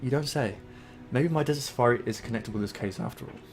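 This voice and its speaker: An Englishman reading a cool female agent's lines in a flat, dry way, in his own voice. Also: mid-range voice, fast talker, soft background music, lightly acted.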